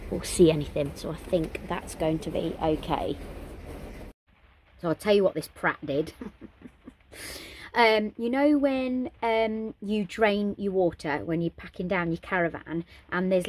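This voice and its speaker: A woman's voice: fairly low pitch, darkish tone. A woman vlogging inside a caravan, chatting casually and sounding exasperated, with lots of ums and restarts. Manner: chatty, exasperated, with many fillers. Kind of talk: casual vlog.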